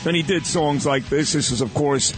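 A man's voice: on the high side, normal speed, over music. A man with a New York accent hosting a morning radio show, bantering in a brash, boastful, joking way. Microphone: studio microphone.

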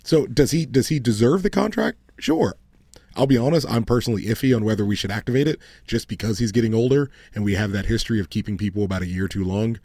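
Man, lowish voice, blunt, swears a lot, casual podcast chat, dry sound. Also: fast talker, a little mellow, dry recording. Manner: blunt, profane, opinionated. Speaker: podcast co-host.

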